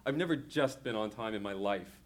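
A man's voice: fairly low pitch, lively intonation, brisk, voice pushed down, natural voice. A man reading a storybook aloud and voicing a reckless, speed-loving driver who is eager and pushy.

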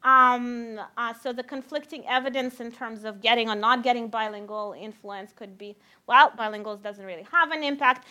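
A woman researcher with a Russian accent giving a lively lecture, addressing the audience as "my friends". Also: on the high side, moderate pace, few pauses.

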